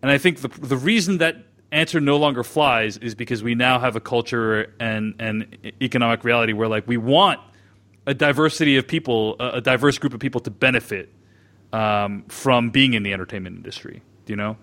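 A man co-hosting a casual podcast discussion, with a voice of ordinary middle pitch. He works through his ideas slowly and thoughtfully, often stopping and restarting his sentences. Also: pushed and bright. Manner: thoughtful, hesitant with many restarts. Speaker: podcast co-host.

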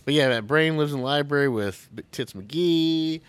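A man's voice: on the high side, moderate pace, clear, resonant tone, no echo. A man co-hosting a podcast, chatting casually about a movie, joking and acting out quotes in raised voices. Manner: animated, jokey, acts out quotes in raised voices. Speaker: podcast co-host.

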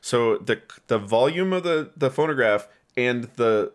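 A man's voice: mid-range voice, lively intonation, a little slow. A young man in casual chat, rambling through anecdotes with lots of fillers. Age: young adult. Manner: rambling, chuckly storyteller, lots of "like".

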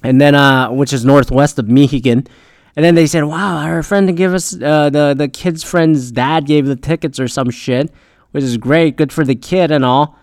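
A man's voice: on the high side, normal speed, no room sound, studio quality. A young man telling a story in a rambling, casual way, swearing often and filling gaps with "uh" and "like.". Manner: rambling, heavy swearing, frequent fillers.

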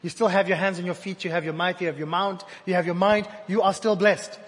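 A man with a high voice delivers a sermon, rising to loud repeated declarations and dropping to near-hushed lines. His voice rings with long reverb in a church hall. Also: fairly even intonation, fairly quick. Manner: dynamic delivery, swinging from loud emphatic repetition to hushed intimate tones. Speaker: preacher.

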